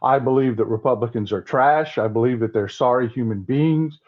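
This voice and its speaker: A man's voice: mid-range voice, normal speed. A man with a Southern American accent hosts a livestream of political commentary. He talks bluntly and keeps circling back over his own words. His voice comes through a slightly dull, lo-fi recording. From Southern United States. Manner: blunt, repeats himself with many restarts.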